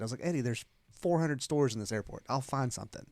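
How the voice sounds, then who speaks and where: A man's voice: medium pitch, fast talker, a little mellow, no room sound. Dry, close-miked man telling a rambling story. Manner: rambling storyteller, acts out quoted dialogue. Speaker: podcast co-host. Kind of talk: casual chat.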